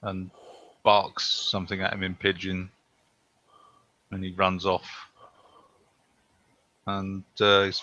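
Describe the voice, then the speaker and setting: A man narrating a tabletop game as game master, telling the scene in a halting, brisk way. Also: deep voice, monotone, pushed and bright, highs cut off.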